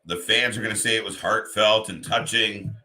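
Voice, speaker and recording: A man reacts live as the host of a watch-party stream, his voice low yet bright and forceful. He chats loosely and turns to his viewers by name between remarks. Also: steady tone, normal speed. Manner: chatty, talks to chat viewers by name.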